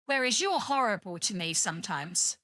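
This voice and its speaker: A woman's voice: medium pitch, very animated, normal speed, pushed and bright, no echo. A British woman streaming, chatting casually and rambling to her viewers, teasing them and swearing freely. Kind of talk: casual livestream chat with viewers.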